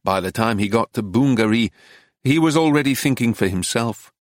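Male narrator, calm literary memoir reading, mid-pitched voice, dry close sound. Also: moderate pace, no echo. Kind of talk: audiobook narration of a travel memoir.

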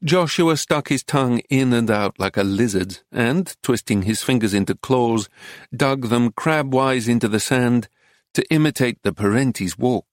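Male narrator, mid-pitched, steady travelogue read, dry close mic. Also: normal speed, dry recording. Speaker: audiobook narrator. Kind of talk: scripted narration.

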